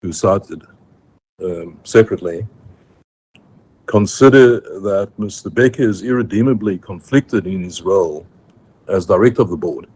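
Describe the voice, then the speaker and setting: A deep-voiced man with a South African accent makes a formal legal argument to a judge. He speaks in a measured way, pausing on ums and correcting himself mid-phrase. Faint room noise sits under the live courtroom stream. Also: darkish tone, low-quality recording. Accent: South African English. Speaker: advocate addressing the court.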